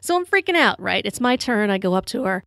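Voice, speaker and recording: A woman's voice: mid-range voice, very animated, fast, creaky, a bit bright, no room sound. Lady podcaster, a little tipsy, rambly and chatty, dry close sound. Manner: chatty, rambling, many "you know" fillers, laughs at own story. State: tipsy from drinking. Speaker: podcast host. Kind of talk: casual storytelling monologue.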